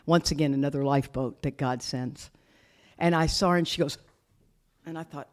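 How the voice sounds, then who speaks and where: A woman's voice: fairly low pitch, moderate pace. A woman speaking at a recovery retreat, telling her story candidly with some swearing. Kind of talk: recovery meeting talk. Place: retreat meeting room.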